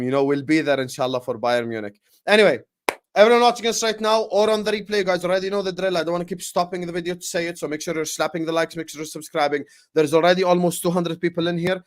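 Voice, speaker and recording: Upbeat male livestream host, slightly high. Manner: energetic, hype-style announcing with frequent fillers. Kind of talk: casual livestream chat.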